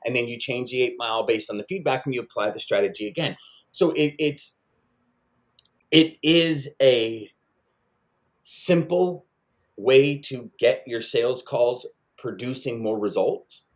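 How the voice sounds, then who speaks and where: A man's voice: mid-range voice, measured pace. A man co-hosting a casual sales podcast, talking with energy and repeating points for emphasis. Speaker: podcast co-host.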